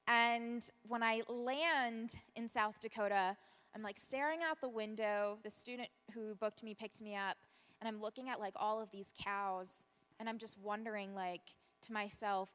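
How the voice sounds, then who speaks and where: A young woman tells her story from a conference stage, chatty and self-mocking, leaning on filler words. Her voice sits a little high. The hall gives her a long, ringing reverb. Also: normal speed, fairly bright tone, clear, resonant tone, highs cut off. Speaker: keynote speaker. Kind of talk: storytelling keynote talk.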